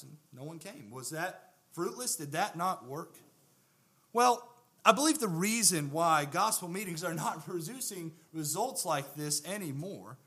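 A man's voice: high-pitched, sharp tone. A young man preaching a sermon to his congregation, earnest and emphatic, repeating words for stress.

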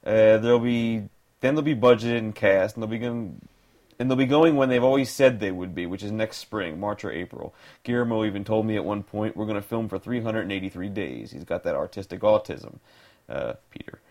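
A man's voice: on the low side, fairly quick, a little mellow. A man hosting a podcast, reading entertainment news in a joking, rambling way and correcting himself as he goes. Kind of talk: casual news chat.

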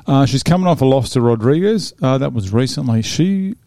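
A man's voice: mid-range voice, lively intonation, fairly quick, dark tone, dry recording, studio quality. A man, chatting casually and laughing often as he previews fights with his young son. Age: 40s. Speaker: podcast host previewing fights. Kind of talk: casual chat.

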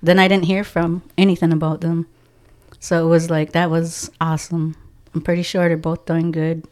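A woman telling stories in a casual podcast chat, animated, acting out the dialogue of the people in it and laughing often. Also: lowish voice, moderate pace, clear, resonant tone. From from a First Nations reserve community. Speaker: guest, community outreach organizer.

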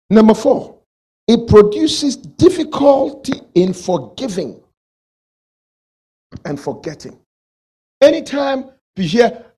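Male pastor, husky and lively, preaches and questions his congregation. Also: sits high, takes it slowly, pauses often. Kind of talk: sermon.

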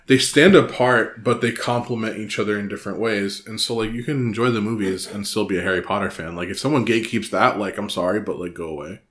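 A man's voice: on the low side, fast talker, hardly any pauses, fairly bright tone. A man co-hosting a podcast, summarizing book chapters in casual chat, earnest with hesitant restarts. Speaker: podcast co-host.

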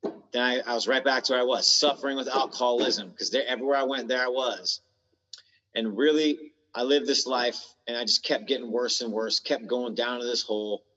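A man's voice: mid-range voice, fairly even intonation, fairly quick, pushed and bright. Blunt, slangy man in a reverberant room. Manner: slangy, blunt, swears freely. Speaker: podcast guest in recovery. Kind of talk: candid personal storytelling. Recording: dull lo-fi sound with long reverb.

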